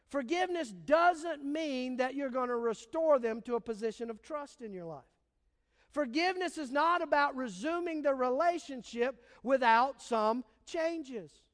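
A man's voice: extremely high pitch, expressive, moderate pace. A man preaching a sermon as pastor, emphatic and storytelling, repeating his key points in a large hall. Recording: long hall reverb.

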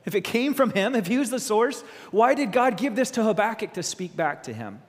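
A man preaching a sermon as a pastor, animated and full of rhetorical questions. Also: high-pitched, a little fast, in a large hall.

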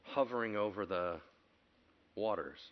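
A male pastor preaching a sermon, telling stories animatedly, acting out quotes and building to loud excited passages. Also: on the low side, measured pace, dull audio.

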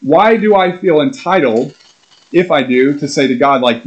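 A man's voice: a little high, lively intonation, moderate pace, muffled recording. A middle-aged man, a pastor, preaching a conversational sermon with probing questions and frequent fillers.

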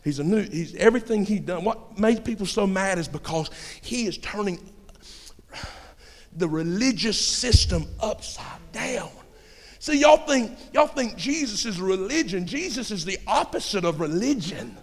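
A man preaching a sermon with folksy turns of phrase, swinging between shouting and hushed storytelling. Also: high-pitched, expressive, measured pace. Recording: long hall reverb.

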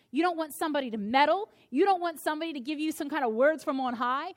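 A woman pastor preaching a sermon in an animated, emphatic way, slowing down to stress key phrases. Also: high voice.

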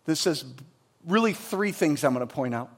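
High-voiced preacher, swinging loud to hushed. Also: male voice, animated, normal speed. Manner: emphatic, swings between loud and hushed, acts out quotes. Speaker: pastor. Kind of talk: sermon.

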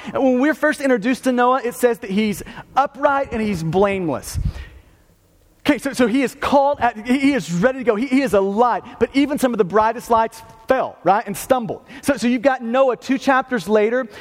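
Male pastor, very high voice, emphatic sermon, stumbles over words, long hall reverb. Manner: emphatic, repeats and restarts words, asks "okay" and "right".

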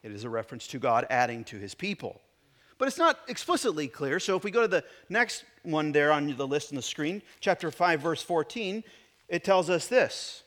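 A man preaching a sermon in church, reading scripture and explaining it, moving between loud emphatic declarations and quiet asides. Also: on the high side, sing-song, moderate pace. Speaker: pastor.

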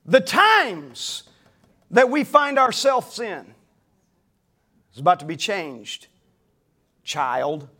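A male pastor preaching a sermon dramatically, swinging between hushed moments and shouted ones. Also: sits high, very animated, drawn-out words, long pauses.

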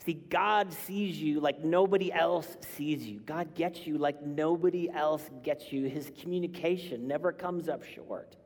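A man preaching a sermon, emphatic and building to loud cries on key lines. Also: a little high, unhurried, hardly any pauses. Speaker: pastor. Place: church sanctuary. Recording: long hall reverb.

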